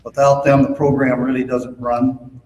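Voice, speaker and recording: A man's voice: mid-range voice, flat delivery, normal speed, a little mellow, dull audio. A man from Minnesota, the Boy Scout chairman, giving a convention speech and telling a folksy joke, with frequent fillers. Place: large convention hall. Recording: echoey convention hall, faint noise.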